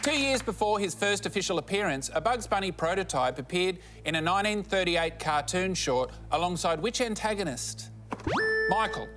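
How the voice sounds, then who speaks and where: A man's voice: high-pitched, lively intonation, normal speed, crowd noise. A man hosting a quiz show in a TV studio, dry and mocking as he teases contestants. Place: TV studio before a live audience. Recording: TV studio with loud live audience and music.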